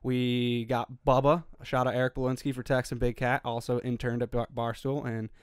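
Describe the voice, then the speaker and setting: A man's voice: mid-range voice, level tone, normal speed, clear, resonant tone, no room sound. A young man co-hosting a podcast in casual chat, loose and full of fillers. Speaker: podcast co-host.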